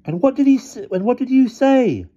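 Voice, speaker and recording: A man reading aloud, voicing a sharp, scornful teenage boy who leads a gang. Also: lively intonation, fairly quick, lo-fi sound. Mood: demanding. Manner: sharp, questioning, high-pitched.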